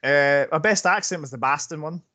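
A man's voice: on the high side, moderate pace, pushed and bright. A man co-hosting a casual film podcast, reading out a list hesitantly with fillers. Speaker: podcast co-host. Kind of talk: casual chat.

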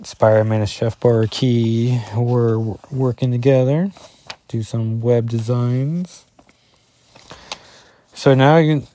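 A man's voice: mid-range voice, dark tone. A man, a father, reviewing a comic book in a casual, rambling solo talk, full of fillers and self-corrections as he reads through the issue.

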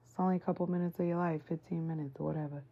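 A woman's voice: sits low, fairly even intonation, rapid-fire, warm tone. A woman giving an intense, swearing spiritual message, stretching out emphatic phrases like a street sermon. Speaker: spiritual vlogger. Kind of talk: profane preaching monologue. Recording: dull lo-fi recording.

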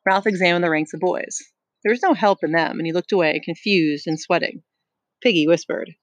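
A teacher reads a novel aloud to a class, breaking off now and then for chatty, explanatory asides. The voice sits at a middle pitch. The sound is dry and close. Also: brisk, dry recording, rough recording.

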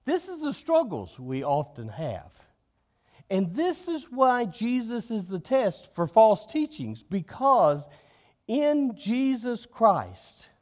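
A man preaching a sermon in an unhurried way, dropping low and soft on key words. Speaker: pastor.

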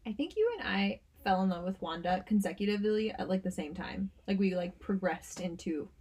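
Dry-humored woman with a husky voice. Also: mid-range voice, animated, fairly quick, a little mellow. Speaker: podcast co-host. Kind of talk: casual chat.

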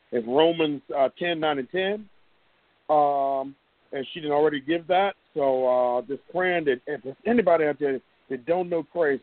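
A man's voice: on the high side, no room sound. Fervent man praying over a tinny phone line. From United States. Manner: fervent, repeats "Lord" and "God" after each phrase. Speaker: caller leading prayer. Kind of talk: spontaneous spoken prayer.

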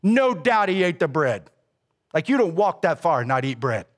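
High-voiced man preaching casually. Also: normal speed. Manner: casual and animated, with slang. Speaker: pastor. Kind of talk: sermon.

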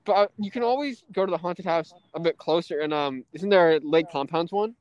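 A man's voice: on the high side, brisk, a little mellow, highs cut off. A man chatting casually outdoors, rambling through stories with a friend.

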